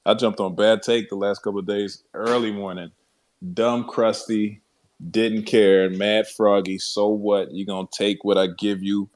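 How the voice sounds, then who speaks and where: A man's voice: fairly low pitch, flat delivery, unhurried, a little mellow. A man in a casual group chat, talking in a slangy, laid-back way. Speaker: community member.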